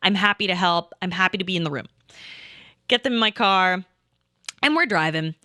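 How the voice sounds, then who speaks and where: A woman's voice: on the low side, normal speed, sharp tone, no room sound, clean studio sound. A woman streamer telling a casual, rambling story, full of asides and swearing. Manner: rambling, profane, with lots of asides.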